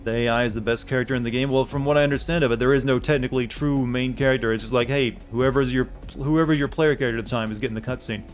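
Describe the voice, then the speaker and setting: A man's voice: medium pitch, fairly even intonation, very fast, few pauses, soft background music. A man doing casual gaming commentary as a streamer, rambling and joking as he thinks aloud.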